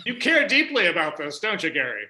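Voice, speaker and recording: A man's voice: sits high, huge pitch swings, fairly quick, echoey room, over a noisy crowd, poor audio. A man hosting a live comedy game show in a playful, teasing way.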